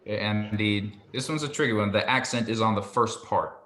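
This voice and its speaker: A man patiently tutoring a student in Hebrew pronunciation, relaxed and a little hesitant, with many ums. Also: fairly low pitch, brisk, slight background noise. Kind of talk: patient one-on-one language lesson. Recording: echoey room with faint ambience.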